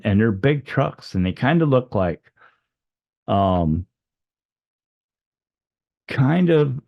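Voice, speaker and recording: Slow, low-voiced man telling his story. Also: creaky, no echo, muffled recording. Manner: rambling, full of fillers and restarts; acts out the dialogue with raised pitch for quoted lines. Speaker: storyteller recounting a near-death experience. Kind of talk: unscripted personal storytelling.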